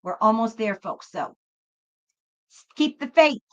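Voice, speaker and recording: A woman's voice: a little high, lively intonation, unhurried, lo-fi sound. A woman hosting a tarot reading livestream, talking casually and reassuringly to her viewers, whom she calls folks. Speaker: tarot reader and livestream host.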